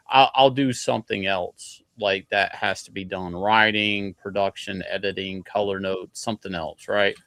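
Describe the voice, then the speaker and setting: Male guest, blunt profane chat, low voice, dry close sound. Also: fairly bright tone, clear, resonant tone, no room sound. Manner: blunt, profane, matter-of-fact. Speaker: guest artist. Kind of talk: casual livestream chat.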